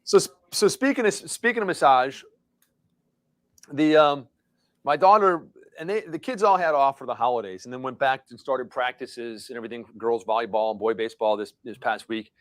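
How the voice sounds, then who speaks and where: A man's voice: mid-range voice, normal speed, no room sound. A middle-aged man co-hosting a live show, telling a long rambling story in casual chat. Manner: rambling storyteller, many restarts. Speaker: co-host.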